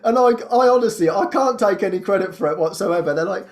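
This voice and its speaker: A man who hosts a spiritual show, telling a personal story in a casual, animated way and laughing often. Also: fast talker, few pauses. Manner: animated storytelling, laughs often, jumps high when quoting. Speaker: spiritual teacher and podcast host.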